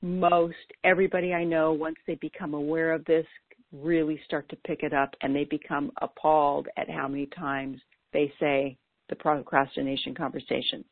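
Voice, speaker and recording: A woman coach talks listeners through their own habits in an earnest, lightly playful scripted delivery. Her voice sits a bit low. The sound is dry and tinny, like a phone line. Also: level tone, moderate pace, dry recording. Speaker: ADHD coach.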